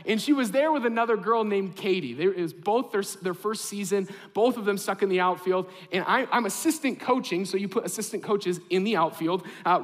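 Pastor, man in his thirties, higher voice, lively conversational sermon with asides to the crowd, echoey church hall. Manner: animated, conversational with asides to the congregation.

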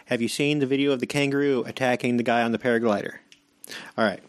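A young man co-hosts a podcast in relaxed, casual chat, swearing freely and getting animated when he tells a story. His pitch sits at an ordinary middle height for a man. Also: fast. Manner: loose and profane, animated storytelling. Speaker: podcast co-host.

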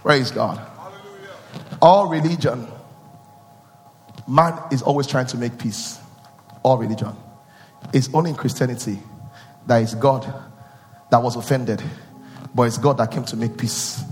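A man preaching a sermon with call-and-response, swinging from loud chanting to low, intimate asides. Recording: long hall reverb with faint music.

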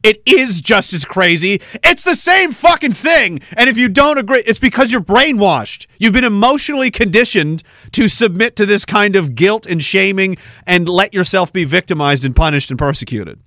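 A man's voice: high-pitched, animated, normal speed, hardly any pauses, pushed and bright, dry recording, studio quality. A man hosting a podcast, ranting in a heated, sarcastic, profane way and laughing often. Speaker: podcast host.

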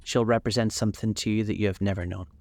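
A man voicing an earnest, idealistic young gentleman in a storybook reading, speaking eagerly. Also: on the low side, steady tone, fast, no room sound.

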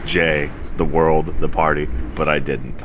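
A man playing a tabletop game, describing his character with deadpan, dry humor. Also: extremely low pitch, measured pace. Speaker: player. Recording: background noise.

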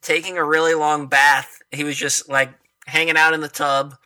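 A man's voice: on the high side, level tone, moderate pace, bright, forceful tone. A man telling stories in casual conversation, chatty and laughing often. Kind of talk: casual conversation about poetry.

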